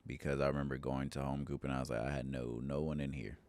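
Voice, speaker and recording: A young man telling a personal church story in relaxed, earnest podcast chat. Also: very deep voice, fast talker. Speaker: church member, podcast guest.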